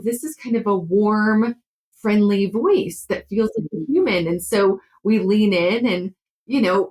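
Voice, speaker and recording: A woman's voice: medium pitch, low-quality recording. Woman counselor explaining things thoughtfully. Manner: warm, explanatory, frequent fillers. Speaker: guest counselor. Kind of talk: conversational interview.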